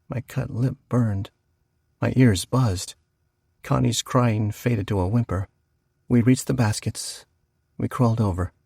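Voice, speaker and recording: A man narrating a horror audiobook, slowing down for the tense moments. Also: fairly low pitch, vocal fry, a little mellow, breathy edge, no echo, studio quality.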